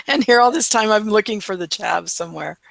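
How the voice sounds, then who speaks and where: A woman's voice: medium pitch, creaky, no room sound. A woman co-hosting a late-night casual chat, talking in an affectionate, easygoing way.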